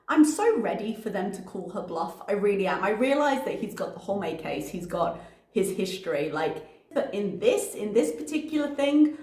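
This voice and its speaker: A woman hosting a reaction channel, giving blunt, sarcastic commentary and swearing freely as she reacts to messages. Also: medium pitch. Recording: echoey room.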